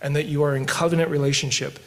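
A man co-hosting a podcast who tells stories while teaching scripture, moving between quick asides and slow, emphatic lines. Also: fairly high pitch, level tone. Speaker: podcast co-host discussing scripture. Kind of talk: conversational Bible teaching with storytelling.

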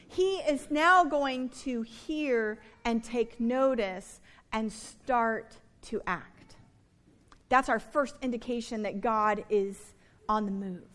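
Woman preacher with a high voice, chatty and animated, with playful sermon asides.

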